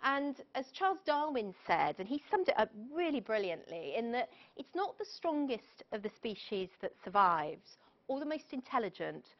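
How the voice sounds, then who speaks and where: Lively woman giving a motivational talk. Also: a little high, moderate pace, muffled recording. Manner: lively, chatty, asks the audience questions. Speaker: motivational speaker. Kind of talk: live motivational presentation.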